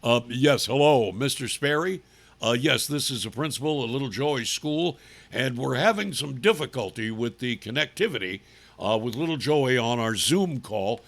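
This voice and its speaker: A man voicing a flustered school official in a hushed, fretful, mock-worried voice. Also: mid-range voice, animated, moderate pace, voice pushed down. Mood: fake-polite. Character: flustered whispering teacher and principal.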